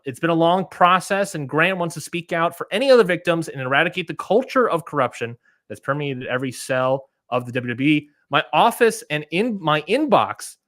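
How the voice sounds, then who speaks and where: Male podcast co-host, casual, full of fillers and restarts; higher voice, dry close mic. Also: fairly bright tone, no room sound. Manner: rambling, many fillers and restarts. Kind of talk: casual chat.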